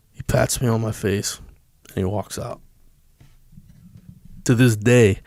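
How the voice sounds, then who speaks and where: A man's voice: on the low side, darkish tone, dry recording, clean studio sound. A man from the United States, a podcast guest, telling a personal story in a candid, profane and emotional way.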